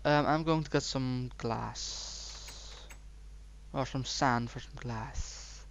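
A man's voice: mid-range voice, slow, gravelly, highs cut off, a little hiss or hum. A young British man chatting casually while gaming, sarcastic and crude. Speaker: co-host gamer.

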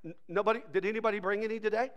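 A man's voice: high-pitched, fairly even intonation, racing, fairly bright tone, smooth. A man preaching a sermon as pastor, joking and acting out playful voices.

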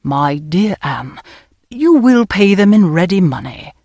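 A woman reading an audiobook voices a pedantic, absent-minded old scholar, lecturing in a husky voice that swoops up and down. He talks down loftily, and the dry, close recording has no room sound. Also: on the low side, sing-song, a little slow, a little mellow, dry recording, full character voice. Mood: reproachful. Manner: lecturing, lofty and reproachful. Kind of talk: audiobook character voice.

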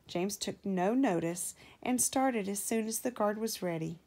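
A woman reads a children's picture book aloud at a slow, unhurried pace. She sits at a middle pitch and lifts her voice whenever a character speaks. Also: darkish tone. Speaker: parent reading aloud.

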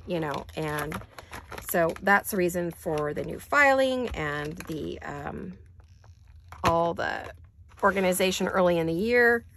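A woman's voice: on the low side, lively intonation, slow pace, long pauses, background noise. An older woman chatting casually while doing paper crafts at her desk, rambling with apologetic asides. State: hiccups.

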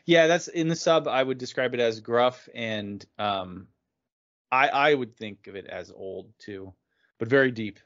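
A man's voice: mid-range voice, unhurried, a bit bright, dry recording. A man talks casually on a podcast, musing aloud with hedges and filler words. His voice is close and dry, with a slightly dull, lo-fi sound. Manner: thoughtful, hedging, many fillers. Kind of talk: casual chat.

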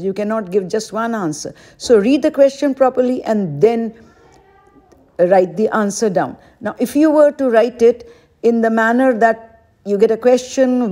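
A woman teaching an exam-prep lesson at an unhurried, deliberate pace. Her voice sits a little high yet sounds soft and mellow. She patiently repeats each question aloud as she works through it. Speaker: English teacher.

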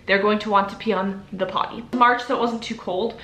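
A woman's voice: medium pitch, steady tone, fairly quick, a bit bright. A young woman vlogging casual parenting advice to camera in an upbeat, chatty way, full of "like" and "you know". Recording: echoey room.

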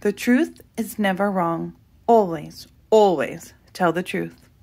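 A woman's voice: lowish voice, slow, gravelly, a little mellow, heavily acted. Miss Tussleberry, a woman doing a sing-song lady. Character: older woman neighbor, genteel and touchy.

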